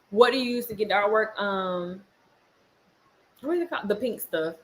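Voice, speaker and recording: A young woman and mother chatting casually with viewers on a livestream, animated and laughing often, breaking off to tell her toddlers off. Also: mid-range voice, normal speed, pauses often. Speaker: mom vlogger on a livestream.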